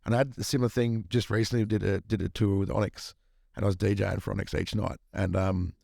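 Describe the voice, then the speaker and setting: A man's voice: lowish voice, little pitch movement, fast talker, gravelly, mellow, no room sound, studio quality. An Australian man in a casual podcast chat, telling stories in a laid-back way and swearing freely. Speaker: guest DJ.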